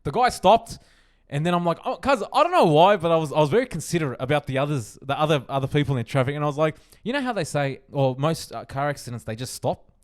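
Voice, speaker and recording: A young man, telling a story on a podcast in an animated, swearing way. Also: a little high, quick pace. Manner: animated, swearing, laughing often. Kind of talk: casual chat.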